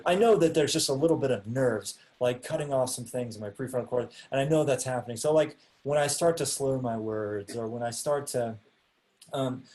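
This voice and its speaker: A young man teaching an online class from his home setup. He talks loosely and hesitantly, restarting sentences and leaning on filler words, at an ordinary pitch. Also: dark tone. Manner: hesitant, many ums and restarts. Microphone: video call.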